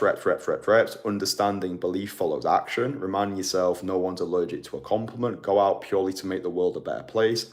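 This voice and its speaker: A man giving an emphatic, motivational dating-coach talk to camera, repeating his key phrases. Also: deep voice. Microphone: phone or camera mic.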